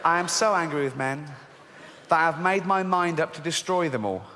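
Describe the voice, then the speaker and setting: A man's voice: moderate pace, in a large hall. A man doing stand-up comedy, reading a children's Bible aloud with sardonic, sweary asides. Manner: sardonic, sweary asides, jumps to high squeaky outrage. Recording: live show, audience laughter and crowd noise.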